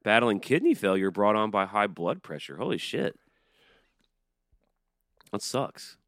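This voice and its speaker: Deep-voiced deadpan male podcast co-host. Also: measured pace, no echo, clean studio sound. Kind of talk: casual comedic chat.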